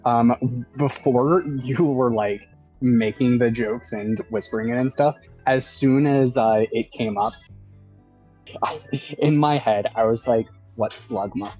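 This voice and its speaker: A man chatting over voice chat while gaming, halting and hesitant with many fillers. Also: mid-range voice, fairly even intonation, mellow. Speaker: stream co-player. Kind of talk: casual voice-chat banter. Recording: dull lo-fi mic, faint music.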